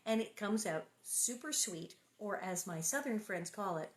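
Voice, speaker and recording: A woman's voice: medium pitch, moderate pace, hardly any pauses, fairly bright tone. A woman reading a children's novel aloud to viewers, breaking off for playful, chatty asides and answering comments. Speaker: reader hosting a book reading stream.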